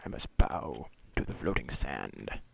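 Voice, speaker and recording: A man talking to himself in deadpan, mock-solemn mutters and half-whispers while playing a video game. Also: extremely low pitch, unhurried, gravelly, slight background noise, poor audio. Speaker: gamer playing a block-building game.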